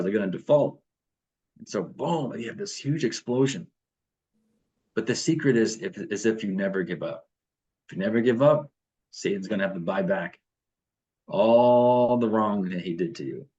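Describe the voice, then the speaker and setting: Guy giving a chatty morning devotion on a video call, lowish voice, lots of ums and restarts. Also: darkish tone. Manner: conversational, reads passages aloud then comments with fillers and restarts. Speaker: pastor leading devotion. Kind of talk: casual sermon over video call.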